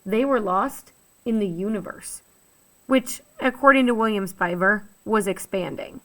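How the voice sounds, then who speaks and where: A woman teacher reading a children's novel aloud, lively and expressive, giving each character a voice. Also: mid-range voice, unhurried, poor audio. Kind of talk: storybook read-aloud.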